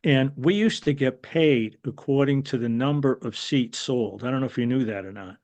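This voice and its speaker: An older New Yorker and former wrestling referee, guesting on a podcast, rambles casually through stories full of fillers, restarts, and animated quotes. His mid-range voice moves at normal speed, and the recording sounds muffled.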